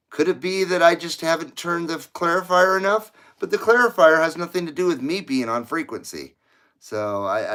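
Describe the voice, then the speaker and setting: A man's voice: fairly high pitch, fairly bright tone. Chatty rambling man hosting a radio stream. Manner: rambling, chatty, laughs at own jokes. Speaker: CB radio livestream host. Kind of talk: casual livestream chat.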